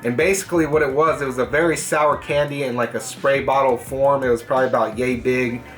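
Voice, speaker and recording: A young man hosting a vlog, casually telling a story from school, swearing freely and animated. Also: mid-range voice, brisk, soft background music. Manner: profane, animated, puts on voices in quotes. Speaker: gaming channel host.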